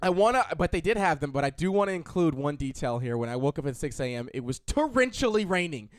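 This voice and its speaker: Young guy telling a story on a podcast, cussing a lot, really lively ups and downs. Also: on the high side, quick pace, dry recording. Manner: animated, profane storyteller who acts out quotes. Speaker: podcast co-host. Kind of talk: casual chat, storytelling.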